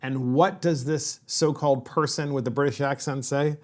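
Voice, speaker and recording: A man's voice: mid-range voice, steady tone, moderate pace. A man hosting a political talk show, speaking emphatically and repeating his points. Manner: emphatic, repetitive, indignant. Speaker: podcast host. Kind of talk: political commentary chat.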